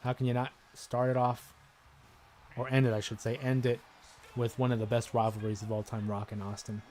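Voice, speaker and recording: Man, mid-pitched, hosts a casual gaming live stream, chatty and excitable, faint background hiss. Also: moderate pace. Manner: chatty, excitable, yells at the game. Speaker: gaming livestream host. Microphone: desk microphone with headphones listeners.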